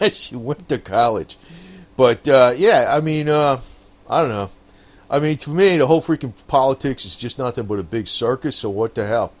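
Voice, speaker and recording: Man, casual political rant, lively swinging pitch, profane and laughing, loose delivery. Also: normal speed. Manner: rambling, profane, laughs often, frequent "man" and "I don't know". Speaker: political commentator. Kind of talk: casual rambling monologue.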